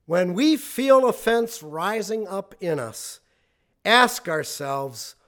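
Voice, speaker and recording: A man's voice: high-pitched, sing-song, slow, a bit bright. A man preaching a conversational sermon, telling folksy stories and chuckling along the way. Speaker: pastor.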